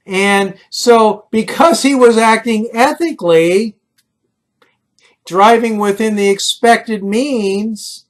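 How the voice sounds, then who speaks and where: A middle-aged man giving a short lecture on ethics, talking earnestly and telling personal stories, with frequent fillers and restarts. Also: fairly high pitch. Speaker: leadership lecturer.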